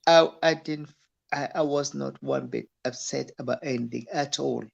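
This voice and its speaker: A man's voice: medium pitch, steady tone, normal speed, creaky. A man talking as a guest on a casual live chat, insistent, with frequent stammering restarts. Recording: dull lo-fi sound.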